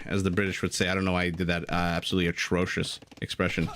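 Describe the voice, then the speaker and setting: A man's voice: low-pitched, completely flat delivery, rapid-fire, a bit bright, slight background noise. A man casting a strategy game live, chatting jokily with his chat and wandering off on tangents. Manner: chatty, jokey, digressive, reads out chat messages. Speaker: game caster.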